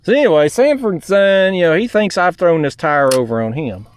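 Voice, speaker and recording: A man's voice: sits high, lively intonation, brisk, smooth. A man hosting a fishing vlog, telling a story in a fired-up, profane rant while fishing outdoors from a kayak. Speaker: fishing channel host.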